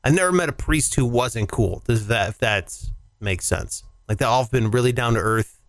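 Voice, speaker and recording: A man's voice: mid-range voice, normal speed, dry recording. A young man co-hosting a podcast in casual, irreverent, joking chat. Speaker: podcast co-host. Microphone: headphones and mic, remote call.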